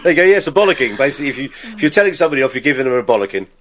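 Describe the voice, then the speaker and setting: A man's voice: medium pitch, expressive, racing, fairly bright tone. An English man co-hosting a podcast, explaining slang hesitantly with many restarts. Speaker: podcast co-host. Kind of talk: casual explaining.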